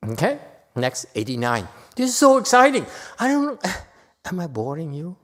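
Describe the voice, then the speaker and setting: A man giving a Buddhist dharma lecture in a temple hall, playful and teasing, jumping from loud emphatic lines to quiet asides. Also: fairly high pitch, wildly swooping pitch, moderate pace. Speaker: Buddhist teacher.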